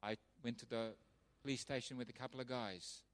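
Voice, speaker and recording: A man preaching as a missionary pastor, telling his testimony as an animated storyteller who acts out the voices of others. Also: mid-range voice, brisk. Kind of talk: sermon testimony. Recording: long hall reverb.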